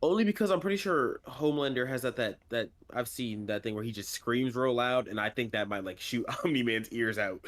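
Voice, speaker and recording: A man co-hosting a podcast in casual chat, relaxed and slangy, laughing as he argues. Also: medium pitch, fairly quick, few pauses. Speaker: podcast co-host.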